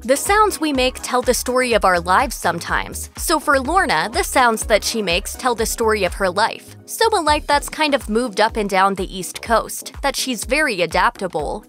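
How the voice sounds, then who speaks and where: A woman narrating a scripted entertainment video in a brisk, polished voice-over. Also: a little high, big pitch swings, fairly bright tone, faint music behind. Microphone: close studio voice-over mic.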